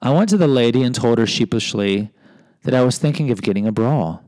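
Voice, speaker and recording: A man's voice: medium pitch, animated, a little fast, a little mellow, no room sound. A man telling personal stories in a casual monologue, candid and self-deprecating, often restarting and adding asides.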